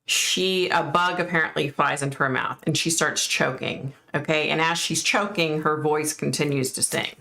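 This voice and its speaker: Woman host, low gravelly voice, chatty storyteller who mimics the people she quotes. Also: fairly bright tone. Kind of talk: casual storytelling.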